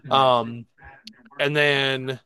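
A man in casual podcast chat, retelling a show in an animated way and swearing freely. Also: mid-range voice, extremely slow. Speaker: podcast co-host.

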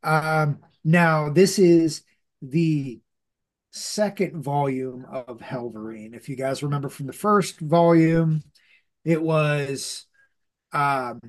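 Male podcast co-host, relaxed and slow, a little higher voice. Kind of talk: casual chat.

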